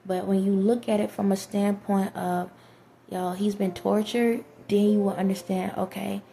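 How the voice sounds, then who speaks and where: Low gravelly woman, flat earnest monologue. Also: moderate pace, a little hiss or hum. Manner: earnest, rambling, addresses viewers directly. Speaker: vlogger. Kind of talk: spiritual monologue to viewers.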